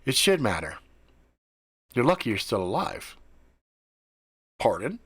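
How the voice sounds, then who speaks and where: A man voicing a quiet, teasing young woman in an improvised story, speaking calmly and frankly with the odd curse word. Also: medium pitch, measured pace, breathy edge, heavily acted.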